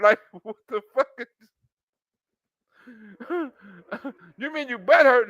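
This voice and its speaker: Man, very high voice, bright, dry close sound, mocking reaction commentary, frequent laughter, slang. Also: big pitch swings, very slow, long pauses, dry recording.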